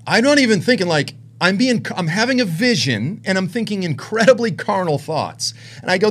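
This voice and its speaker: A man preaching a personal testimony in sermon style, his voice lively and wide-ranging in pitch. He swings between hushed, low moments and intense, raised ones as he tells the story with deep emotion. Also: moderate pace.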